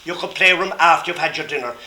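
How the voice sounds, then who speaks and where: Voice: medium pitch, very fast, sharp tone. A storyteller voicing a kindly but no-nonsense woman who minds lost animals, speaking firmly in a roomy echo. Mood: firm, motherly.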